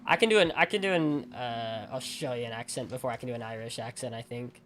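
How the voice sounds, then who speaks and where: A man's voice: medium pitch, brisk, fairly bright tone, slight background noise. A man from Alabama who streams games, chatting casually with viewers in a rambling way, full of "like" and restarts. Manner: rambling, heavy use of "like", frequent restarts. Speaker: game streamer. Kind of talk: casual chat with viewers while gaming.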